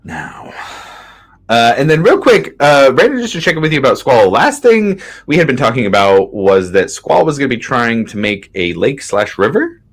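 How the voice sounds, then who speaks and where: A man narrating a tabletop game as game master, in a halting, low-key way. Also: very animated.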